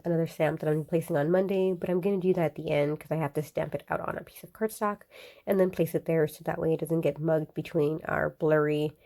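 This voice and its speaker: A woman's voice: fairly low pitch, mellow. A woman casually narrating her planner crafting, chatty and upbeat, with many fillers and laughs at herself.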